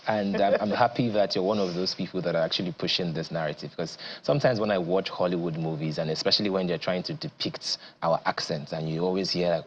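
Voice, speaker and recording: A man's voice: sits low, fast talker, few pauses, muffled recording, slight background noise. A man hosting a TV studio interview, chatty and agreeable, laughing easily with his guests. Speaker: TV show host.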